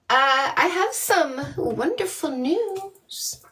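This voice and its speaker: Middle-aged woman dating coach, high and unhurried, chatty livestream host, a little far from the mic. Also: expressive, a little hiss or hum. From Canada. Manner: greets viewers by name, playful and chatty. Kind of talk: livestream chat with viewers.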